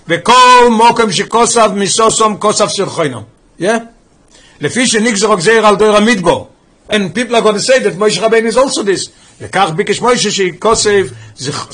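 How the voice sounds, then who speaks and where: A man teaches a study class at a rapid clip, rattling through passages of text and stopping to explain them. His voice sits high for a man and has a husky, slightly rough edge. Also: fairly bright tone. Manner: rapid reading of Hebrew text, explaining in English. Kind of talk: teaching a text study class, mixing English and Hebrew reading.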